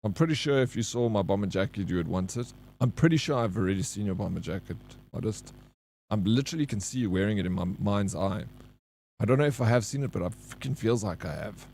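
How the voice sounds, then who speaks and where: A man's voice: on the low side, animated, fast, creaky, a little mellow, slight background noise. Laid-back South African man streaming. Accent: South African (Johannesburg). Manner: laid-back, reads chat aloud and greets viewers by name. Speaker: game streamer. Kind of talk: casual live-stream chat.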